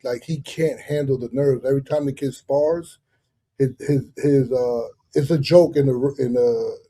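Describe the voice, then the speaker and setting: A man hosting a live boxing chat, telling lively, profane stories full of fillers and restarts. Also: medium pitch, normal speed, husky. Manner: animated, profane storytelling with many fillers. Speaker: live show host. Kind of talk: casual storytelling chat.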